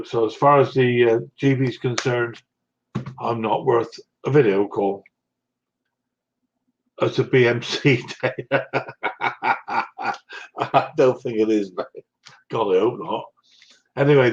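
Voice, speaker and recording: A man's voice: mid-range voice, measured pace, pauses often. A man with a West Country accent chatting casually on a live stream, rambling and answering viewers' comments. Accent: West Country English. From South West England. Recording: dull lo-fi stream audio.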